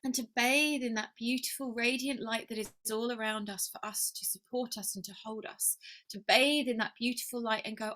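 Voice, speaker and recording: A woman's voice: a little high, steady tone, moderate pace, fairly bright tone. A woman musing in a reflective personal video, heartfelt and earnest, sometimes dropping to a near whisper. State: emotional. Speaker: spiritual mentor.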